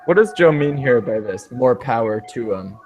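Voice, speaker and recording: A man's voice: mid-range voice, lively intonation, normal speed, a little mellow, a little hiss or hum. A man teaching an English speaking class, explaining expressions patiently and rephrasing them several times.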